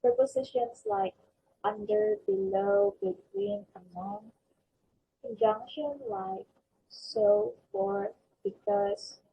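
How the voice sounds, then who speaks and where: A young woman student presenting a pronunciation lesson, reading example words slowly and carefully. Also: very high-pitched, big pitch swings, creaky, dark tone. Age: young adult. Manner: slow, careful reading of word lists. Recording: slightly dull lo-fi recording.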